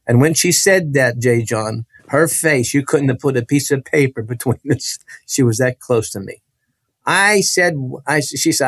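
A man's voice: mid-range voice, animated, normal speed, no echo. A man telling his personal faith testimony in conversation, earnest and vivid, with frequent restarts.

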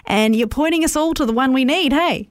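A woman's voice: sits high, fairly quick, dry recording. A woman co-hosting a live radio interview, giggly and encouraging. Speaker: radio co-host.

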